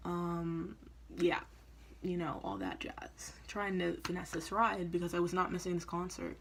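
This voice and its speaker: A woman's voice: on the low side, unhurried, gravelly, husky. A young woman vlogger telling a story in a casual, chatty way, often laughing and acting out what people said. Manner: chatty, laughing, acts out quoted lines.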